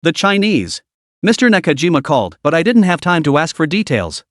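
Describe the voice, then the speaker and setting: A man voicing an irritable, haughty male clan lord with a sharp, curt way of speaking. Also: on the high side, very animated, brisk, no room sound, clean studio sound. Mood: tense.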